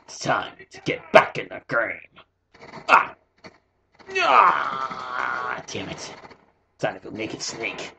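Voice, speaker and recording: A young man giving casual, excitable commentary while playing a shooter game, swearing and joking. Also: medium pitch, slow pace, creaky, long pauses, a little hiss or hum. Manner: excitable, swearing, jokey outbursts. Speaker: gaming commentator.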